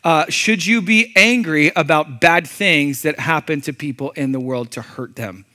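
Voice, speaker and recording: A male pastor delivering a sermon with a tense, forceful brightness to his voice. He talks to the congregation conversationally, asking them questions, then surges into loud emphasis before dropping low and intense. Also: moderate pace, soft background music.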